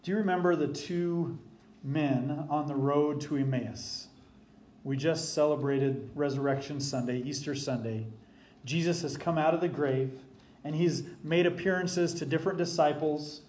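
A man preaching a sermon from the pulpit as the pastor, emphatic and deliberate, slowing down to stress key phrases. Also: a little high, darkish tone.

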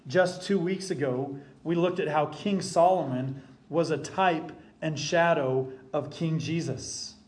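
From the pulpit, a pastor with a fairly high male voice preaches emphatically and deliberately. He slows down to stress key phrases.

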